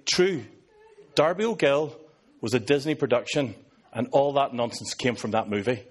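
A man's voice: mid-range voice, normal speed. A man in his fifties from Northern Ireland with a Northern Irish accent, a pastor preaching to a live audience and cracking sarcastic jokes. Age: 50s. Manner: joking, sarcastic asides to an audience. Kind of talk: sermon.

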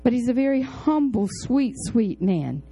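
Lady preacher telling a story, chatty, kinda high voice, swings up and down a lot. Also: measured pace, slightly rough, poor audio. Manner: chatty, animated, jumps between high exclamations and low asides. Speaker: pastor. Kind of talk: storytelling sermon.

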